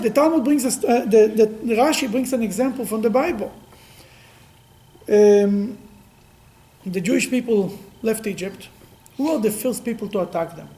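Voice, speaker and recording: A man teaching a Talmud class as a rabbi, explaining lively and acting out the quotes he discusses, with frequent restarts. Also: high-pitched, normal speed, rough recording.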